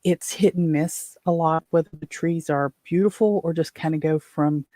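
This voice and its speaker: A woman's voice: low-pitched, fairly even intonation, moderate pace, mellow, no room sound, studio quality. A middle-aged woman from West Virginia hosting her own show, rambling through exasperated stories with lots of fillers. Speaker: podcast host. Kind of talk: casual chat.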